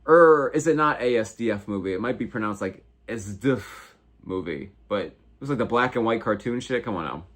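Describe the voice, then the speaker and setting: A man's voice: lowish voice, lively intonation, a little fast, fairly bright tone. An American man in his twenties hosting a casual livestream, reading viewer comments and reacting with slangy, heavy swearing. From United States. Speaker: livestream host.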